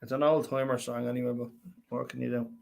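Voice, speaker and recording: A man's voice: medium pitch, flat delivery, fast, creaky, darkish tone. A man hosting a casual live stream, chatting between songs and laughing often with apologetic asides. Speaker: musician host of a live stream.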